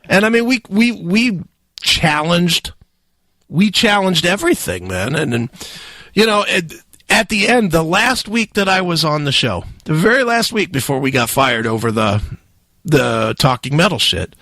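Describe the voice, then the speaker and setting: Animated, high-voiced storytelling man. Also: a little slow, dry recording. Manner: loud, profane, laughing storyteller. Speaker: radio host. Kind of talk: animated storytelling on a talk show.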